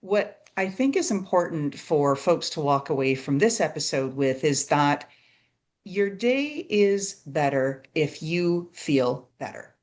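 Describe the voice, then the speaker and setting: Low-voiced woman hosting a podcast. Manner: animated, quick asides with frequent "right?". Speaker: podcast host. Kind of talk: casual podcast chat.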